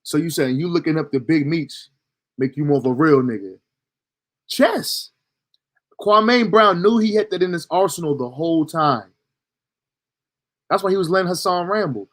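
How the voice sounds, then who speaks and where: A man talks over clips in a relaxed, conversational way, full of slang. His voice sits a little on the high side. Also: moderate pace, pauses often. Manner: laid-back, conversational, slangy. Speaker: reaction video host. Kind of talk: casual reaction commentary.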